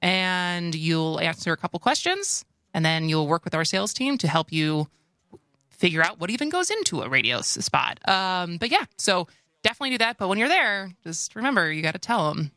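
Bright-voiced chatty Wisconsin woman host. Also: lowish voice, sing-song, a little fast, no echo, clean studio sound. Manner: chatty, laughs easily, restarts often. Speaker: radio talk show co-host. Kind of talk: casual radio chat. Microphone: studio microphone.

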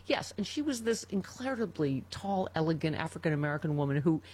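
A middle-aged woman hosts a talk radio show, her husky voice swinging widely in pitch as she tells stories. She sits a little low for a woman and sounds emotional and chatty. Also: fairly quick. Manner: animated, emotional storytelling. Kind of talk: casual talk radio chat.

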